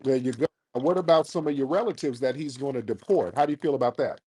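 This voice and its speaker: A man's voice: medium pitch, fast talker, warm tone, husky. A man hosting a call-in show, blunt and mocking toward his callers. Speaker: host.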